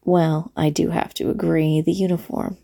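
A woman playing a flirty late-night diner waitress in an audio role-play, talking to the listener in a teasing way with breathy asides. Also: sits low, level tone, moderate pace, dark tone.

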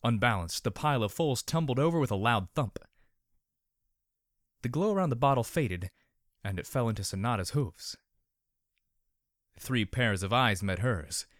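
A man narrating a story in a measured, expressive manner. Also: mid-range voice, no echo, studio quality.

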